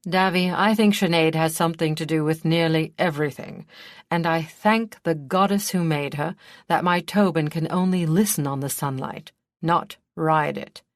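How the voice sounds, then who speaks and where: A sly, gleeful middle-aged lord, voiced by a woman narrator, with a low, dry tone. He jokes and teases in a fantasy audiobook reading. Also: normal speed, no echo.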